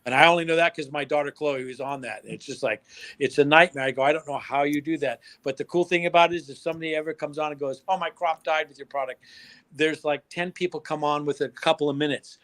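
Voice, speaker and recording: An excitable man from the United States, chatting as a guest on a livestream. He curses freely and laughs easily. His voice sits a little high and sounds dry and close. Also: fast, no echo. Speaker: guest, product formulator. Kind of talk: casual chat on a livestream.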